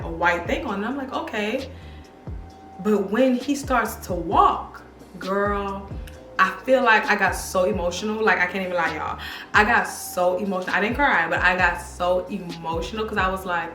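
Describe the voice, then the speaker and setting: A young woman giving a casual, excited fashion review, chatty and talking straight to her viewers. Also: mid-range voice. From Louisiana, USA. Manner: chatty, excited, addresses viewers as y'all and girl. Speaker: fashion vlogger. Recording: echoey room with faint music.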